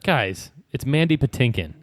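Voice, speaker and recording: Animated man hosting a pub quiz. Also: normal speed, no room sound, clean studio sound. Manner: animated, laughs often, jumps into high falsetto. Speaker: podcast co-host. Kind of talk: casual pub quiz chat.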